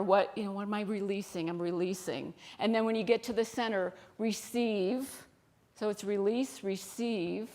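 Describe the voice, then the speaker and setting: A woman with an American accent giving an informal sermon in a church, chatty and quick to laugh as she tells stories. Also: mid-range voice. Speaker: speaker at a spiritual center service. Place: church sanctuary.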